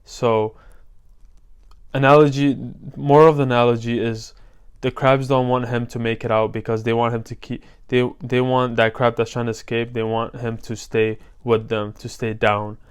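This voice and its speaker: A man's voice: medium pitch, level tone, moderate pace, clean tone. A young man giving a casual motivational vlog talk as a self-improvement coach, loose and slangy, with lots of fillers.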